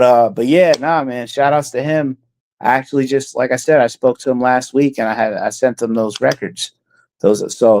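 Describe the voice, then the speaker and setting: A man's voice: medium pitch, a little mellow, no echo. A man talking casually as an interview guest, rambling with many fillers and restarts. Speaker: interview guest, music producer.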